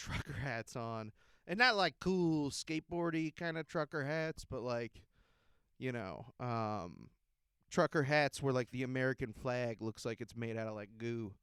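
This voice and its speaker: A man with a smooth, clear voice tells a comedic story on his podcast, rambling through it. He laughs often and swears freely, recorded close on a dry mic. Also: medium pitch, a bit bright, no echo. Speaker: podcast host.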